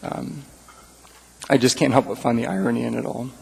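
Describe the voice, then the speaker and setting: A man's voice: medium pitch, gravelly, slightly rough, low-quality recording. A man speaking as an assembly member at a city council meeting, stumbling through restarts and fillers as he makes his point. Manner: halting, with repeated restarts and fillers. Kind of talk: council floor remarks.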